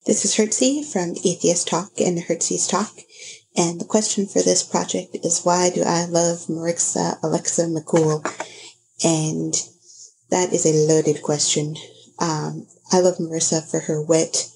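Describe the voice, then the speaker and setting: A woman podcast host recording a tribute message, speaking in a slow, measured and earnest way. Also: low voice, creaky, darkish tone, a little hiss or hum, low-quality recording.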